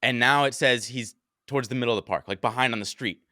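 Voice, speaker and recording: A young man tells a story on a podcast in an animated, profanity-laced way. His voice is bright and forceful. The sound is dry and close, with no room echo. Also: medium pitch, quick pace. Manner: animated, swears often, acts out his own panicked quotes. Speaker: podcast host telling a story. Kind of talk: casual storytelling chat.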